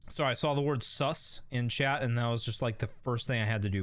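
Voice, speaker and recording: A man's voice: medium pitch, brisk, hardly any pauses, fairly bright tone, smooth. A man streaming a video game, chatting casually, thinking aloud and reacting to his chat while reading on-screen text.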